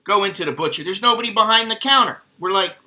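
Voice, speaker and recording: A man's voice: high-pitched, fast, sharp tone. An American man ranting bluntly and profanely in a casual vlog monologue. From United States. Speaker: expat vlogger.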